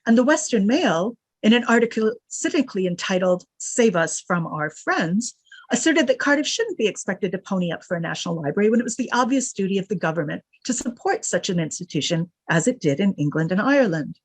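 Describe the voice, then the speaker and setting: A woman's voice: mid-range voice, lively intonation, quick pace, few pauses, husky, no echo. A woman giving a scholarly lecture, reading quoted passages from notes and breaking off for dry asides. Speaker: guest lecturer.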